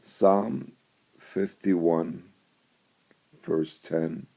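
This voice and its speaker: A man telling a story and then preaching on scripture, in a slow and deliberate way. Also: sits low, gravelly, mellow. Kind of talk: storytelling devotional.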